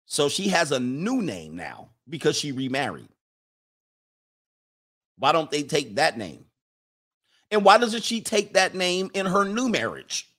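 A man's voice: a little high, big pitch swings, unhurried, pauses often, a bit bright. Joking, rambling male livestreamer. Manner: rambling, joking, talks back to himself. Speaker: live-stream host reading viewer chats. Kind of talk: casual live-stream commentary.

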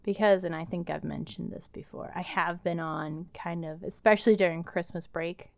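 A woman's voice: fairly low pitch, steady tone, normal speed, vocal fry, dry recording. A woman chatting casually and laughing often between stories. Her voice is recorded close and dry, with no room sound around it. She talks in an easy, conversational way. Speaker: podcast co-host. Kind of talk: casual chat.

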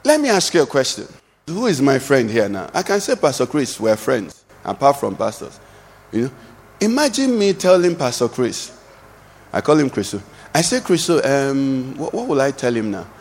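A man preaching a sermon to a congregation, asking call-and-response questions and building to shouts. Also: mid-range voice, huge pitch swings, normal speed, slightly rough. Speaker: pastor. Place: church. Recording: long hall reverb.

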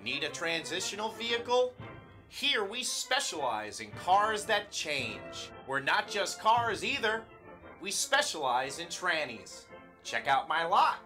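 A man's voice: sits high, big pitch swings, slow, pushed and bright, faint music behind, exaggerated voice. A man voicing a brash car dealer in a spoof radio ad, with salesman patter. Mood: salesy.

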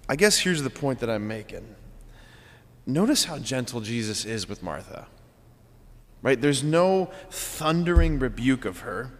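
A man, a priest, giving a conversational sermon in an animated way that keeps adding "right?" and "like". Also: medium pitch, measured pace. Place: church. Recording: long church reverb.

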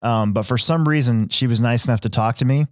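A man from Nebraska hosts a podcast, rambling through stories in casual chat with frequent fillers and restarts. His mid-range voice is brisk, recorded with studio quality and no echo.

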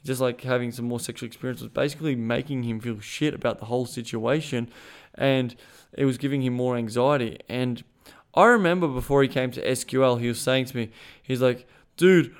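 A man hosts a podcast in a casual monologue, his voice smooth and resonant at a middle pitch. He speaks frankly and emphatically, swears freely and often restarts his sentences mid-thought. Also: fairly even intonation, a little fast. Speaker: podcast host and sexuality coach.

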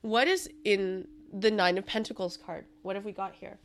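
A woman hosting a casual podcast chat and reading tarot cards, animated and quick to laugh. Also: mid-range voice.

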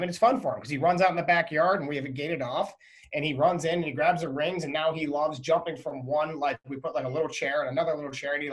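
A man in his thirties chatting as a podcast guest, telling animated stories and acting out his toddler. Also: on the high side. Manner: animated storytelling, acts out his son. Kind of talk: casual interview chat.

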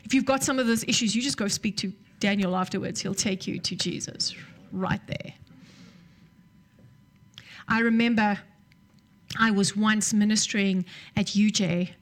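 A woman preaching a sermon, telling a story and dropping to soft near-whispers at tender moments. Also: medium pitch, a little slow.

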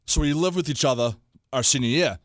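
A young man, co-hosting a casual sports chat and telling animated stories with acted-out quotes. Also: medium pitch, brisk, dry recording, clean studio sound. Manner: animated storyteller, acts out quotes. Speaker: podcast co-host.

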